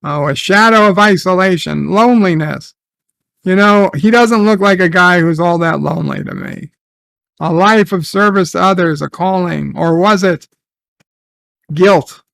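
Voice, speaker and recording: A man's voice: high voice, unhurried, creaky, fairly bright tone, dry recording. A man recapping and reviewing a TV episode in casual, sarcastic commentary, swearing and trailing off into restarts.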